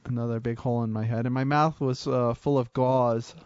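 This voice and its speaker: A man hosting a casual studio show, trading deadpan wisecracks. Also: mid-range voice, fairly quick, clean tone, no room sound, lo-fi sound. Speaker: podcast host. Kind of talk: casual banter.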